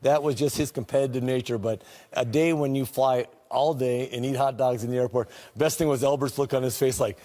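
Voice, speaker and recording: A man with a voice of ordinary pitch tells stories from his playing days. He laughs often and acts out the lines of the people in them. His talk is loose and animated. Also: brisk. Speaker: former teammate telling stories. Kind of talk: casual storytelling on a talk show.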